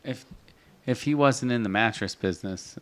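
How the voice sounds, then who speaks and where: A man's voice: medium pitch, moderate pace, noisy background. A man co-hosting a casual podcast, chiming in with short, wry remarks. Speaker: podcast co-host. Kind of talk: casual chat.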